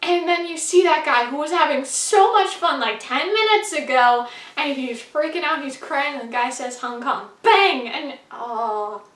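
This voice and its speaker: A woman's voice: high-pitched, normal speed, few pauses, fairly bright tone, echoey room, recorded from a distance. A woman giving a casual spoken movie review, chatty and full of "like" and "you know".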